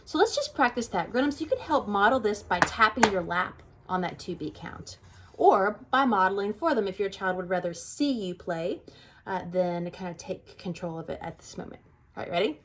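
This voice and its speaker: A woman teaching a toddler music class, talking in a bright sing-song way and singing slow children's songs. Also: mid-range voice, animated.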